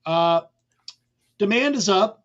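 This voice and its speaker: A man's voice: high voice, slow. Rambling man on a muffled call. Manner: relaxed, rambling, many fillers. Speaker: mortgage guest. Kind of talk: casual remote chat.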